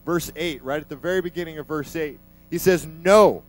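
A man's voice: fairly high pitch, fairly even intonation, brisk, poor audio. A man preaching a sermon in a conversational, emphatic way, vividly retelling a scripture passage.

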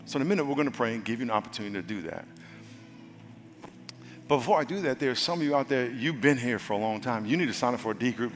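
A male pastor delivering a sermon and altar call in an easy, conversational manner, often restarting and repeating words. His voice rings in a church hall with long reverb. Quiet music plays underneath. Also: medium pitch. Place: church sanctuary.

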